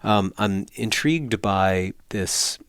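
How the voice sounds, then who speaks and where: A man with a very deep voice hosts a podcast, musing aloud and playfully prodding his guest. The sound is dry and close, with no room echo. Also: slow pace, fairly bright tone, clear, resonant tone. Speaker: podcast host. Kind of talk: casual interview.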